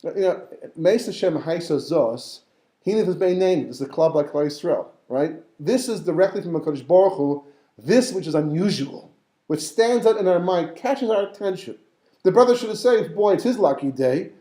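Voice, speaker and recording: A rabbi leads a lively Torah class, his fairly high voice lifting whenever he acts out a character in the story. The tone is mellow, and the room gives it a clear echo. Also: normal speed.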